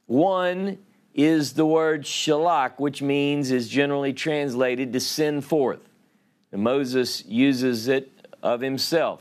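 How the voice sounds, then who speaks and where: A man with a Louisiana drawl gives a Sabbath Bible teaching at an unhurried, measured pace. He reads scripture passages aloud and pauses to explain the Hebrew words. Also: mid-range voice. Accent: Southern US, Louisiana.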